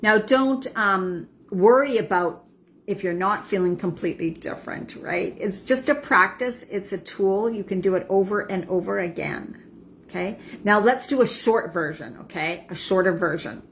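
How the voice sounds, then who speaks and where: A woman in her forties, a wellness coach, calmly guiding a tapping practice and checking in with "right?" and "okay?". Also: medium pitch, normal speed, slight background noise. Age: 40s. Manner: soothing affirmations with frequent "right?" and "okay?". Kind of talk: guided self-help demonstration.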